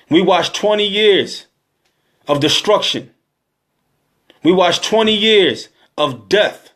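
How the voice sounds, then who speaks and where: Man in his thirties, high voice, preaching with emotional, pleading repetition. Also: fairly bright tone. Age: 30s. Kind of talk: impassioned exhortation.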